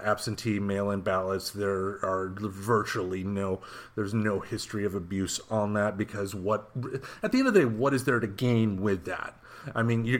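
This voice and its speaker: A man hosting a casual podcast, talking loosely with plenty of fillers and the odd curse word. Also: lowish voice. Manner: loose, swearing, lots of fillers. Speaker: podcast host. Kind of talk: casual chat.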